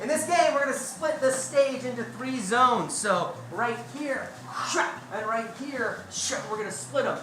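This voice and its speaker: A woman hosting a live improv comedy show, briskly and playfully explaining the games to the audience. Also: fairly high pitch, very noisy. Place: comedy club stage. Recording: echoey club room with audience.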